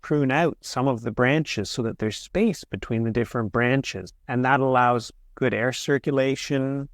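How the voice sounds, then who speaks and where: A man explaining gardening as an interview guest, patient and steady, with small restarts as he talks. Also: mid-range voice, no echo, studio quality. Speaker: horticulturist guest. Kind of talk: casual interview answers.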